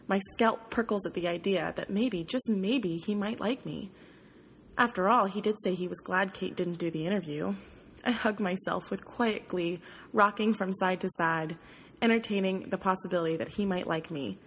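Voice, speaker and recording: A woman narrating a first-person audiobook in a soft, introspective manner. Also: medium pitch, normal speed, a little hiss or hum, poor audio.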